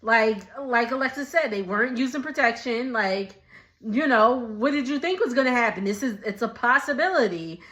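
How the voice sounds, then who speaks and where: A woman, giving a sassy, animated casual recap and talking back to the people on screen. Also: fairly high pitch, normal speed, echoey room. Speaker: recap vlogger.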